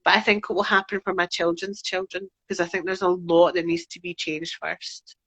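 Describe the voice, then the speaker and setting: A woman's voice: lowish voice, little pitch movement, a little fast, a bit bright. A Scottish woman from Glasgow speaking earnestly and reflectively in casual conversation as a podcast guest. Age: adult parent. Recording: dull lo-fi sound.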